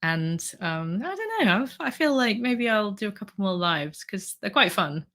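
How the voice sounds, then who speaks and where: A woman's voice: mid-range voice, animated, normal speed, fairly bright tone. A woman in her thirties hosting a casual livestream, hesitant, with many ums and restarts as she reads out the chat. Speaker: livestream host.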